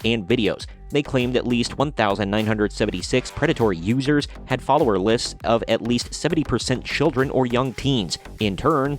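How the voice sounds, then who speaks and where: A man hosting a commentary video, reading out news articles and adding blunt, sarcastic remarks of his own. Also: medium pitch. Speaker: commentary channel host.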